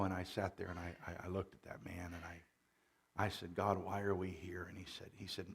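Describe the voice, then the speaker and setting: Folksy pastor with a gravelly low voice. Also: male voice. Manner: folksy storytelling with jokes and fillers; louder and more forceful after the mic change. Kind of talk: conversational sermon. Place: church.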